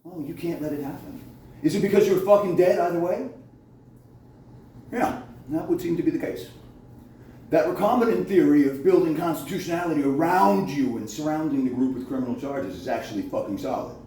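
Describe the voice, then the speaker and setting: Man, heated profane rant, accusatory, far from mic, boomy echoey room, faint hiss. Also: moderate pace, dark tone. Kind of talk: angry monologue to camera. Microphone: phone.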